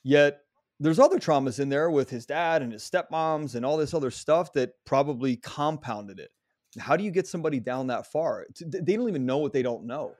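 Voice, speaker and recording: A man hosting a casual interview, blunt and quick with his questions, swearing freely. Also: fairly high pitch, lively intonation, a little mellow, no echo, studio quality. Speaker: podcast host.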